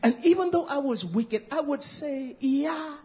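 Male preacher with a high voice, fiery and scolding, muffled lo-fi sound. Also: lively intonation, a little slow. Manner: fiery, scolding, swings between shouted and hushed lines. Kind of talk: fiery sermon. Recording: dull lo-fi recording.

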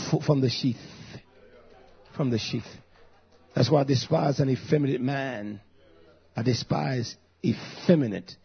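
Husky fiery preacher in his fifties. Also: medium pitch. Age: 50s. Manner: fiery preaching, shouting outbursts. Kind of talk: sermon. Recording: dull lo-fi recording.

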